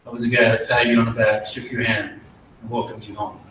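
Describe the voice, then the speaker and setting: A man's voice: medium pitch, level tone, fairly bright tone, a little hiss or hum. Middle-aged man, promotion speech, earnest and folksy, heavy echo, distant from the mic. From United States. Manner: earnest, folksy storytelling with pauses and restarts. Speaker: army officer giving promotion speech. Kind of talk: ceremony speech with war story. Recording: very echoey hall, voice from afar.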